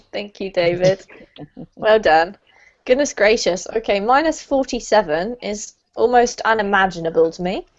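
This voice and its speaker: Over a video call with muffled online audio, a woman teaches an English lesson. She speaks at medium pitch in an unhurried way, encouraging and patient, laughing often as she explains.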